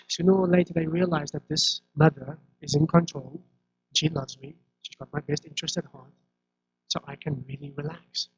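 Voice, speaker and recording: A man preaching a sermon in a conversational way, often restarting and repeating words. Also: on the high side. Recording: dull lo-fi recording.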